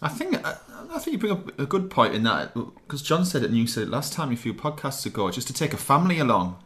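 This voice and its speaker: A man's voice: medium pitch, big pitch swings, fast, a bit bright. A man co-hosting a casual podcast, agreeable and often echoing what the others say. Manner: agreeable, echoes others' points. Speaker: podcast co-host. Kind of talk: casual chat.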